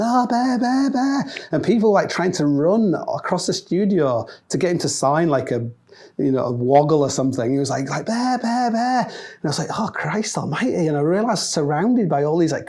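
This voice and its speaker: A Northern English man telling a rambling, funny anecdote with plenty of swearing and quick impressions of the people in it. His voice is mellow and relaxed in tone and sits at an ordinary middle pitch for a man. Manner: animated, swearing, mimics voices in quotes. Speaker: storyteller. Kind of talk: comic anecdote monologue.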